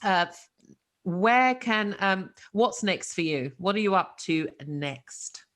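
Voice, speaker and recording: A woman's voice: medium pitch, lively intonation, takes it slowly, fairly bright tone. A British woman hosting an interview, laughing often as she talks. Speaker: interview host. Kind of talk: interview conversation.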